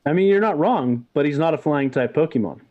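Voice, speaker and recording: A man's voice: fairly high pitch, expressive, brisk, a little mellow, no echo. A man co-hosting a podcast, explaining things in a hesitant way with many fillers. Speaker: podcast co-host. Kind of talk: casual podcast chat. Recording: dull, dry sound.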